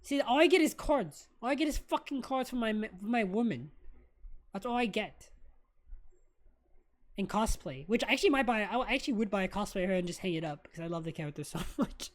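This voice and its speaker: A woman co-hosting a casual fan discussion, ranting excitably with lots of swearing. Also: medium pitch, brisk. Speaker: co-host of a fan discussion show. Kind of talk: casual chat.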